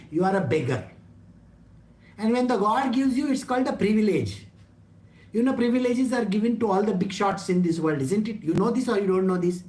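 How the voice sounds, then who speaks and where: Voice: mid-range voice, a little mellow. A spiritual teacher gives a conversational satsang discourse, asking rhetorical questions and joking. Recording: roomy echo.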